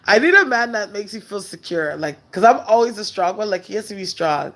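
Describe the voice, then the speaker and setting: A woman hosting a casual live stream, chatting loosely and candidly while answering viewer comments in a relaxed way. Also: medium pitch. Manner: relaxed and unhurried. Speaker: livestream host.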